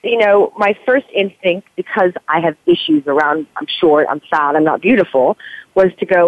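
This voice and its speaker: A woman's voice: medium pitch, sing-song, normal speed, creaky, dry recording. A woman in her forties talks candidly as an interview guest. She rambles earnestly and leans on "you know" often. Her voice comes through a thin, tinny phone line with a dry, close sound. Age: 40s. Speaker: author guest. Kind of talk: candid podcast interview talk.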